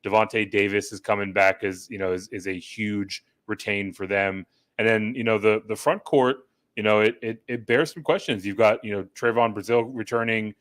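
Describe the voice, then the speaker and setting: A man's voice: lowish voice, steady tone, normal speed, fairly bright tone, no room sound. A man co-hosting a sports talk show who rambles through his analysis, full of "right?" and "you know". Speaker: podcast co-host.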